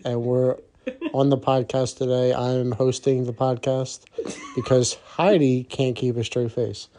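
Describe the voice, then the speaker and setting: A man joins a casual podcast as a guest. His voice is mellow and warm at a middling pitch, and he talks in a hesitant, halting way. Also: level tone.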